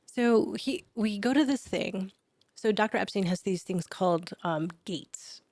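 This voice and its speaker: A woman chiropractor, a guest on a podcast, telling a personal story in an animated way and dropping to a whisper for her remembered thoughts. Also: medium pitch, measured pace, dry recording, clean studio sound. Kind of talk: storytelling in an interview.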